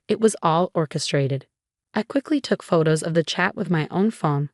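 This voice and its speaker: A woman reading a scripted first-person story as narrator, in an even, measured way. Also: on the low side, no echo, clean studio sound.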